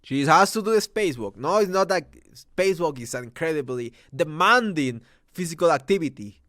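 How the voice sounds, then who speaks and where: A man rants through a movie review, his fairly high voice swinging wildly up and down. He swears constantly in a heated, exasperated way. His voice is smooth and resonant, recorded close and dry with no room sound. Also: lively intonation, normal speed, fairly bright tone, dry recording. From Mexico. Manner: heated, profane ranting.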